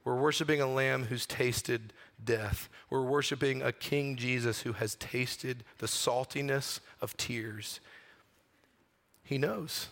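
A man preaching a sermon in an earnest way, slowing down and softening his voice on the key phrases. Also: medium pitch, fairly even intonation. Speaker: pastor.

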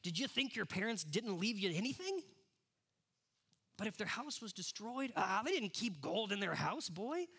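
A man voicing a gruff, kindly giant bearded man, loud, rough and reassuring, as he reads from a storybook. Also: high voice, big pitch swings, normal speed, voice pushed up, exaggerated voice.

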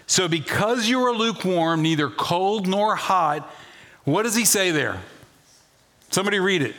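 A man preaching a sermon as pastor, animated, dropping to a hush and rising loud, asking the congregation questions. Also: sits high, measured pace. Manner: animated, swings from hushed to loud.

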